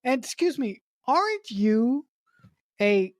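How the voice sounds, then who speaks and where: A woman's voice: fairly high pitch, very animated, slow pace, no echo. Woman podcast co-host, emphatic ranter who swears for punch, dry close sound. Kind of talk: casual film review chat.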